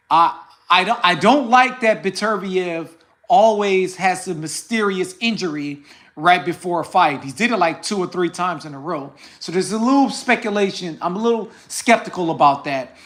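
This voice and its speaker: Brief: American man, casual boxing vlog host, chatty and repetitive, slow delivery. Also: sits high, a bit bright. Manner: chatty, repeats himself, tags lines with "okay?" and "right?". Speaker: boxing commentator, channel host.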